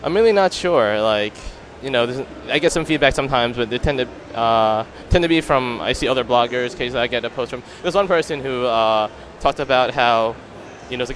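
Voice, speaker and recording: A man who blogs, answering in a casual interview in a halting, hesitant way. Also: medium pitch, fairly bright tone, a little hiss or hum. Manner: halting, hesitant, searching for words. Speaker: blogger.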